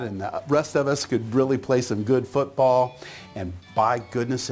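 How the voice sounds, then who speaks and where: Animated middle-aged man telling a story. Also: fairly low pitch. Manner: animated, acts out voices in his stories. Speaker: motivational speaker. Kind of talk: motivational storytelling.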